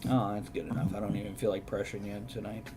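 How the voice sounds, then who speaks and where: A man's voice: lowish voice, level tone, fast, heavy background noise. A man hosting a live-streamed chat show, telling stories with dry sarcasm. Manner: sarcastic, mock-documentary storytelling. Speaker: host.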